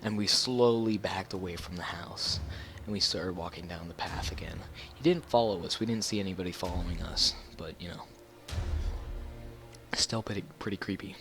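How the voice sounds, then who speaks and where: A man's voice: low voice, moderate pace, a bit bright, soft background music. A man telling a personal story in a casual storytime vlog, rambling with many fillers and restarts. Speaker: YouTuber.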